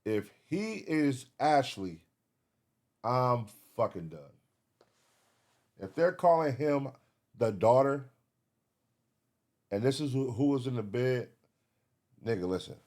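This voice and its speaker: A man giving live reaction commentary, excitable, swearing and thinking aloud as he searches. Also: mid-range voice, slow pace, long pauses. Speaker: reaction streamer.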